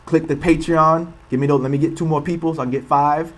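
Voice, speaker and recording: A man's voice: on the high side, fairly even intonation, fast talker, fairly bright tone. Impassioned man hosting a livestream. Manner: impassioned, rhetorical, repeats himself for emphasis. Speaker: channel host. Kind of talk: livestream commentary.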